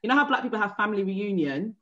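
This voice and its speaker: A British woman chats on a podcast, telling stories animatedly with slang and frequent laughs. Her voice sits at a middle pitch. The recording is dull and lo-fi. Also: expressive, very fast, fairly bright tone. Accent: British English. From England. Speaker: podcast host. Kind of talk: casual podcast chat. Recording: dull lo-fi sound.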